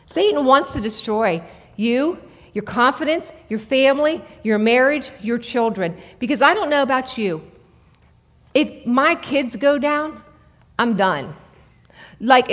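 A woman in her forties preaching a sermon in a conversational, animated way to an audience in a large hall. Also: on the high side. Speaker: speaker at a church. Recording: long reverb of a large hall.

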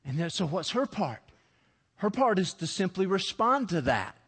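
A man with a high voice preaches an animated sermon and acts out scripture scenes. He often restarts his sentences as he builds each point. His voice rings through the long reverb of a large church sanctuary. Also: moderate pace, slightly rough.

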